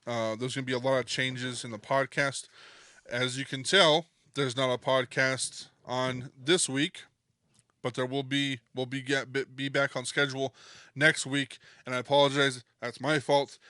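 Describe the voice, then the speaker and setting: A man co-hosting a casual podcast, laid-back and loose, cursing easily and leaning on ums and uhs. His voice sits at a middle pitch and sounds dry and close, with no room around it. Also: flat delivery, a little slow, pushed and bright, no room sound. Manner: laid-back, swears freely, many fillers. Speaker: podcast co-host. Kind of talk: casual chat.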